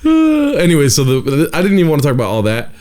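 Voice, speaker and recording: A man's voice: a little high, quick pace, slight background noise. A man hosting a podcast, telling a story in casual chat with lots of swearing and "dude" at the end of his lines. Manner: profane, animated storytelling, ends lines with "dude". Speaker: podcast host.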